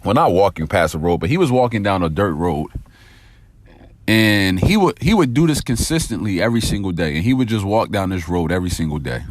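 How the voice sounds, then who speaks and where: A man's voice: fairly low pitch, big pitch swings, fairly quick. A man hosting a motivational podcast, talking directly and energetically to his listeners and telling a story to make his point.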